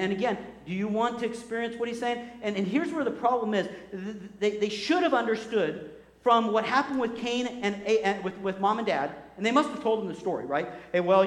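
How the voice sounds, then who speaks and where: A high-voiced man preaches with lively energy, slipping into the voices of the people he quotes. His words ring out through a roomy church hall with a long reverb trailing behind. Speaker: pastor. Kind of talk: sermon. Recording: echoey hall.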